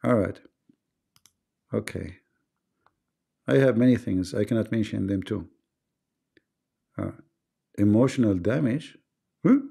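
A man's voice: fairly low pitch, takes it slowly, creaky, long pauses, warm tone, slightly rough. A man with a foreign accent hosting a live stream, reading viewer comments and teasing his audience. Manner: joking and teasing, often laughing.

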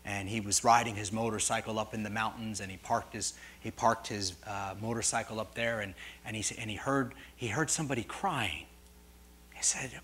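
A middle-aged man preaching a sermon as pastor, telling stories in a rambling way and swinging from soft asides to loud, rising peaks. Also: on the low side, moderate pace, slight background noise. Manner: storytelling, digressive, swings from quiet to loud; jokes with congregation.

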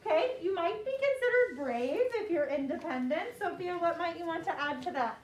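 High-pitched lady teacher, slow clear call-and-response, echoey room, mic far off. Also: animated, a little hiss or hum. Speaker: second grade teacher. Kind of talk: classroom vocabulary lesson. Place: classroom.

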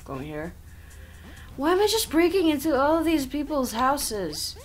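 Playing a game, a woman gives rambling, jokey commentary full of sarcastic asides through her own desk microphone. Her high voice is very animated but a little slow, with soft music in the background.

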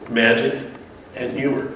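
A man's voice: mid-range voice, unhurried, slight background noise. A man giving a casual talk to an audience about designing media for children, acting out the voices of kids and characters as he goes. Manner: animated, acts out kids' and characters' voices. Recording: echoey distant room recording.

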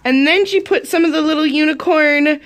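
A thirtysomething woman from Wisconsin, United States, chats in a giggly, gushing way as she shows her mail on a casual show-and-tell vlog. She speaks at a normal speed, and her voice sits high.

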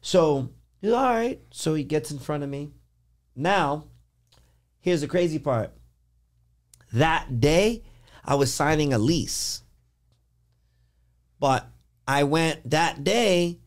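A man on a podcast casually telling a story in an animated, rambling way, full of "like" and restarts. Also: on the high side, slow pace, pauses often. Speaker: podcast host.

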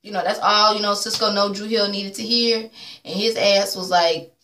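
A woman's voice: medium pitch, steady tone, moderate pace, fairly bright tone, echoey room, slight background noise. A woman recapping a reality show episode in a blunt, sassy rant full of swearing, acting out the cast's lines. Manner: blunt, sassy, swears a lot, acts out quotes. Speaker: recap vlogger.

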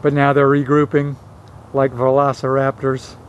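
A man's voice: mid-range voice, monotone, normal speed, highs cut off, slight background noise. A man from Virginia filming dogs in a yard with a handheld camera, giving a folksy, joking play-by-play full of exclamations. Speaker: vlogger filming his dog. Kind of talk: casual handheld commentary. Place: outdoors in a yard. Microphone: handheld consumer camera. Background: dogs playing.

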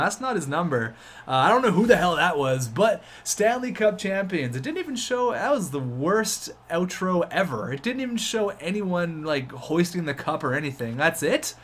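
A man giving excitable gameplay commentary on a hockey video game, shouting at the big plays. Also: on the high side, normal speed, slight background noise. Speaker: gaming YouTuber.

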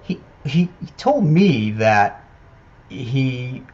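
A man's voice: medium pitch, sing-song, drawn-out words, a little mellow. A man who is a medium, telling ghost stories in a casual video chat, hesitant with many ums and restarts. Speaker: medium and paranormal investigator. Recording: muffled lo-fi video call audio.

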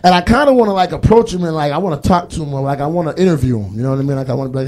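A man's voice: on the high side, lively intonation, very fast, hardly any pauses, a little mellow. A young man with a Boston accent doing a rambling stand-up comedy set on a live stage, full of fillers and put-on voices. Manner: rambling, lots of fillers, puts on voices for bits.

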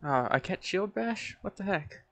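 A man's voice: high-pitched, lively intonation, a little slow, fairly bright tone, a little hiss or hum. A young man giving casual, reactive gameplay commentary, often exclaiming and laughing. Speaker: gameplay streamer.

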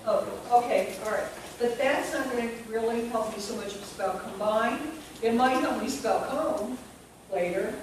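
A woman's voice: on the high side, moderate pace. A woman teaching a workshop class, explaining step by step and thinking aloud with restarts. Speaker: teacher trainer. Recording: echoey room from far off with noise.

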